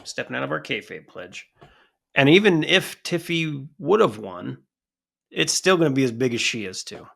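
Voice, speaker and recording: A gravelly mid-range voice belongs to this American wrestling podcast co-host, who talks at a normal speed. His casual chat is rambling, animated, and full of profanity.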